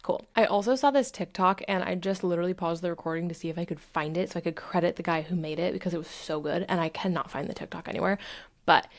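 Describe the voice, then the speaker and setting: Talking at a quick pace in a lowish voice, this young woman podcast host walks through self-help advice with casual candor. She swears freely and voices her own inner dialogue aloud.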